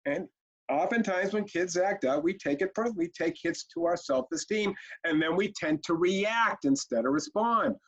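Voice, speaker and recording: A man's voice: sits high, animated, normal speed, a bit bright, slightly rough. A man presenting a parenting training webinar, talking directly and bluntly to his audience and now and then acting out parent and child exchanges. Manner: direct, punchy, acts out parent and kid exchanges. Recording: muffled lo-fi webinar audio.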